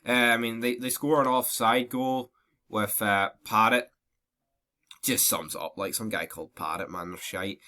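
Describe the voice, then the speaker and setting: A man's voice: mid-range voice, steady tone, normal speed, sharp tone. A young Scottish man with a throat infection and stuffy nose, ranting bluntly and mockingly through a casual football match review. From Scotland. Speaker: football vlogger.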